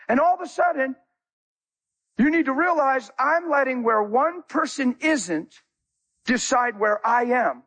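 A man preaching a sermon as a guest speaker, animated, telling stories with acted-out dialogue. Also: very high voice, moderate pace.

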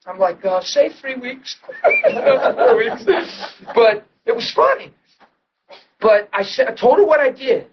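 A man with a high voice preaches his testimony, going from quiet asides to raised, emotional retelling. The recording sounds dull and a little distant from the mic. A faint hum of ambience sits behind him. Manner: emotional storytelling, swings from hushed to loud. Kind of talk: testimony sermon.

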